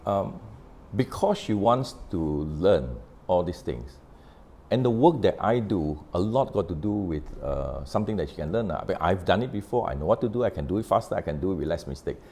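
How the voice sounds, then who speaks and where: A middle-aged man with a Malaysian English accent tells a workplace story in a relaxed, unhurried way, voicing each side of the conversation as he goes. His voice sits very low, with a dark, mellow tone. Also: a little hiss or hum. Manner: recounts conversations with quoted dialogue, unhurried, explanatory. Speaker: author sharing on his book. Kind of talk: casual storytelling talk.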